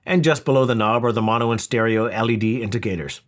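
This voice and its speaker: A man's voice: lowish voice, fast talker. A man talking through a product review in a casual, wry, conversational way. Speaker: audio equipment reviewer.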